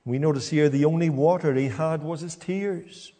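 Preacher with a mellow voice in a reverberant hall. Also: male voice, fairly high pitch. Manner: halting, repeats words as he goes. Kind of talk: sermon. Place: church.

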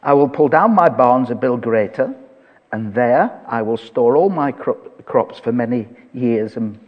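A man's voice: medium pitch, slightly rough, in a large hall, muffled recording. A man preaching a sermon, reading scripture aloud and talking it through conversationally with touches of humor.

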